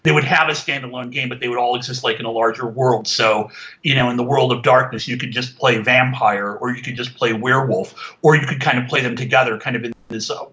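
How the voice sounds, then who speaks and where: A man talks through a TV review in a loose, rambling way, piling up fillers and restarts. His voice is bright and forceful at a middling pitch, and he gets animated when he complains. The recording sounds somewhat dull and lo-fi. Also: brisk. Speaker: podcast reviewer. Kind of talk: casual spoken review.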